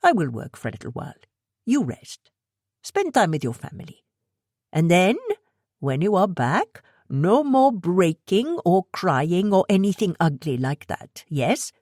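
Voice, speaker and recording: A brisk, worried middle-aged shop owner, as a woman narrator puts him on, talking in quick clipped bursts with a heavy accent. The voice sits low and level in an audiobook read, recorded close and dry with no room sound. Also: big pitch swings, darkish tone, dry recording, heavily acted. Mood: brisk concern. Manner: heavy accent, stilted phrasing. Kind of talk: audiobook character voice.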